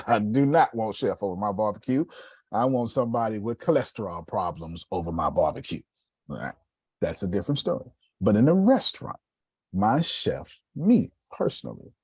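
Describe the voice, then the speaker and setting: Husky low-voiced guy coaching sales, dry close sound, lively and preachy. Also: dry recording. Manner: animated, preachy, playful, throws questions at the room. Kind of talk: live coaching session.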